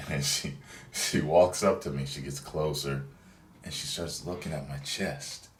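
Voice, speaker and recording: A man's voice: rumbling low, fairly even intonation, a little slow, slight background noise. A young man vlogging, telling a story in a laid-back, profane, chatty way. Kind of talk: casual storytelling. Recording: roomy sound, distant from mic.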